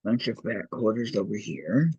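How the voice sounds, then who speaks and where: A man's voice: on the low side, animated, moderate pace, mellow, breathy edge, dry recording, lo-fi sound. A man hosting a quilting shop's online meeting. He talks casually through a crafting demonstration, muttering to himself as he works and reading out viewer messages.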